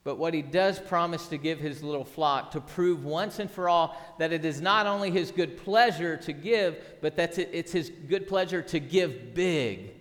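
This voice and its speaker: A man's voice: fairly high pitch, a bit bright. Earnest man preaching in a reverberant hall. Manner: earnest, emphatic preaching with repetitions and rhetorical questions. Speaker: pastor. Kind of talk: sermon.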